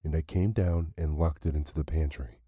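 A man voicing a frightened, rheumatic old village woman who talks in a hushed, gasping way. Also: rumbling low, fairly even intonation, fairly quick, breathy edge, no echo, clean studio sound. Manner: gasping, fearful.

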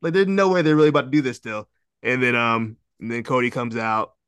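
A man co-hosting a podcast in casual chat, talking excitedly, laughing and swearing. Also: medium pitch, a little fast, clear, resonant tone, dry recording. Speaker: podcast co-host.

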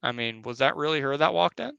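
A man's voice: mid-range voice, fast talker, creaky, pushed and bright, smooth, no echo, lo-fi sound. A young man casually telling a spooky personal story, rambling and slangy, cursing and acting out other people's lines. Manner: rambling, slangy, profane, acts out voices. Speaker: podcast host.

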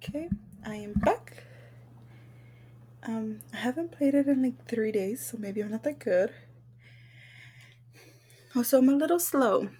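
A woman's voice: fairly high pitch, expressive, measured pace, long pauses, mellow, slight background noise. A young woman hosting a casual solo podcast, nervous, self-conscious and apologetic, recording at home. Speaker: podcast host. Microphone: home microphone.

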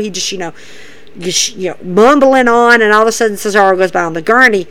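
A woman's voice: mid-range voice, fast talker, rough recording. A woman hosting a podcast, giving a chatty, repetitive play-by-play recap in a casual commentary style. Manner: chatty, repeats herself, animated play-by-play. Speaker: podcast host.

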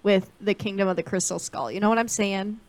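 A woman co-hosting a casual podcast who talks in an animated, jokey way and tells stories with exaggeration. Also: medium pitch, a little fast, dry recording. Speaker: podcast co-host. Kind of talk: casual chat.

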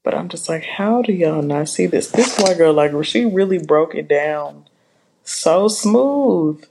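A woman's voice: fairly low pitch, animated, unhurried, mellow, slight background noise. A woman co-hosting a podcast in a casual, laid-back chat, drawing out her thoughts and chuckling now and then. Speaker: podcast co-host.

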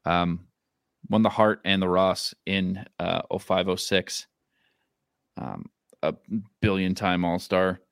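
A man co-hosting a sports podcast, laying out stats in a slow, deliberate way. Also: deep voice, creaky, no echo, clean studio sound. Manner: deliberate, spells out stats slowly. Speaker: podcast co-host. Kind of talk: casual sports chat.

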